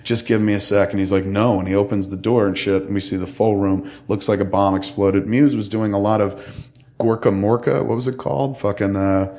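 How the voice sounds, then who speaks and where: A profane, animated man in his fifties spins a long story as a podcast co-host. He acts out the people in it as he goes, and his voice sits fairly low. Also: fairly quick. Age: 50s. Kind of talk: casual storytelling.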